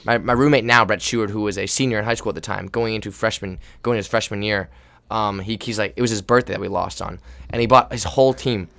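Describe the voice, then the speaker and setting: A young man, a volleyball player co-hosting a casual chat, telling animated stories with quoted voices and frequent laughter. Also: on the low side, fast, creaky. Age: young adult. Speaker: volleyball player and podcast co-host.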